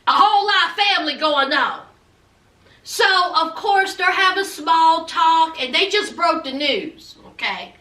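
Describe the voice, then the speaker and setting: A woman's voice: very high-pitched, lively intonation, unhurried, sharp tone. A woman vlogger giving a sassy, dramatic casual recap of a reality show. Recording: echoey room, distant mic.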